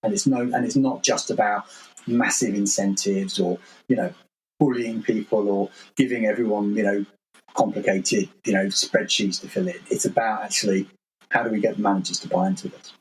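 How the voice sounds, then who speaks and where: A man's voice: on the low side, fairly even intonation, normal speed, slight background noise, poor audio. A man, a guest author on a podcast interview, telling stories in a wry, self-deprecating way.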